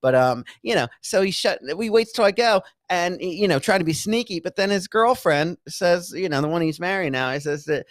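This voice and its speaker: A man's voice: sits high, animated, fairly quick, no echo, studio quality. A man co-hosting a podcast, telling rambling, profane stories and arguing combatively with his co-host. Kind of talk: crude casual banter.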